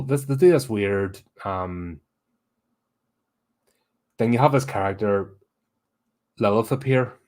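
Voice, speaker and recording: A man's voice: on the low side, a little mellow. A man hosting a horror podcast, giving a blunt, sweary and exasperated casual film review.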